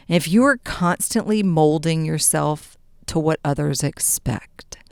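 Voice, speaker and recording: A woman delivers a motivational podcast monologue, switching between earnest coaching and playful, mock-dramatic asides. Her voice sits a little low and sounds smooth and clean. The recording is dry and close, with no room sound. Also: dark tone, no echo. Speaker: podcast host.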